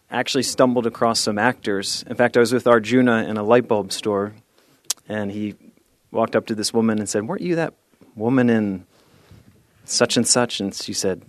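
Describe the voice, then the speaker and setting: A man's voice: lowish voice, no echo. A man giving a playful, storytelling sermon with self-deprecating humor, leading the group through an exercise and a short meditation. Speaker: speaker at a spiritual service.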